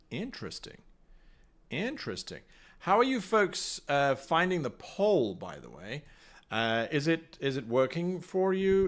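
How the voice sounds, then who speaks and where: A man's voice: medium pitch, fairly bright tone. A man acting as game master, reading a solo gamebook aloud on a live stream and chatting with viewers. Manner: chatty, talks to the stream chat, reads passages aloud.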